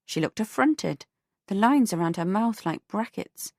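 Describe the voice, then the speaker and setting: A woman narrating an audiobook in an expressive, measured storytelling manner on a close studio microphone. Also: deep voice, no room sound.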